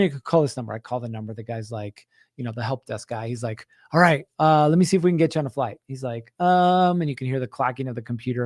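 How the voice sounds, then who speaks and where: In a dry, clean studio recording, a contractor show host from Utah casually relates a story to his audience. His fairly high male voice is animated as he acts out quotes and peppers in "right?"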